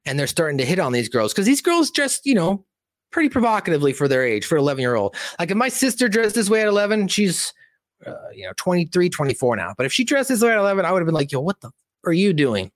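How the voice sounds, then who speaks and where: A man's voice: sits high, big pitch swings, fast talker, dry recording. A young man reviewing a movie on a casual livestream, rambling and swearing, with many fillers.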